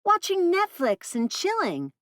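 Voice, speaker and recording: A woman's voice: very high-pitched, huge pitch swings, measured pace, a bit bright, no room sound, studio quality, pitched above the performer's own voice, heavily acted. A woman voicing a squeamish, sassy teenage girl who sounds exasperated. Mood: grossed out. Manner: whiny, exasperated.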